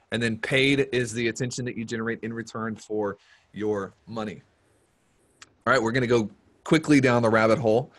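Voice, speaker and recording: A man leads a live marketing seminar, speaking at an ordinary mid pitch. He talks with energy and hammers his points home by saying them twice. His voice stays plainly conversational as he coaches the room. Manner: energetic, repeats key points for emphasis. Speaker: marketing workshop presenter. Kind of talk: live-streamed business seminar talk.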